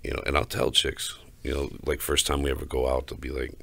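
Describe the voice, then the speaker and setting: A man's voice: a bass voice, completely flat delivery, fast, creaky, bright, forceful tone, no echo. A man hosting a podcast, talking in a crude, swaggering, heated casual rant. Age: adult, older than co-host. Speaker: podcast host.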